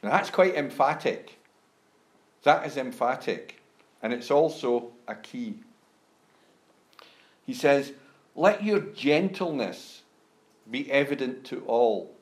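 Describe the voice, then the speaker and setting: Slow-talking guy preaching a sermon, deliberate, gets emphatic on the verses, echoey room. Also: medium pitch, animated. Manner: slow, deliberate, emphatic rises when reading scripture. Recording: roomy echo.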